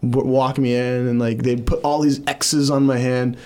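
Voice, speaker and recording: A man's voice: medium pitch, level tone, moderate pace, darkish tone. A young man, a comedian guest on a podcast, telling stories in a rambling way full of fillers. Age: young adult. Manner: rambling storyteller, filler-heavy "like". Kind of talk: casual chat.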